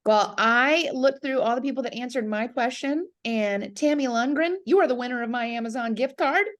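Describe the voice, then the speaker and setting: A bubbly woman on a video call, excitedly announcing a gift card winner. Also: on the high side, normal speed. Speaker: co-presenter giving away prizes.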